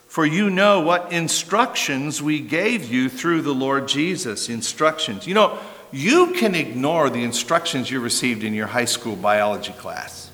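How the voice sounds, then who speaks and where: A man's voice: a little high, pushed and bright. An older man preaching a sermon as a pastor, conversational and emphatic, asking rhetorical questions and adding asides. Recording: long reverb of a large hall.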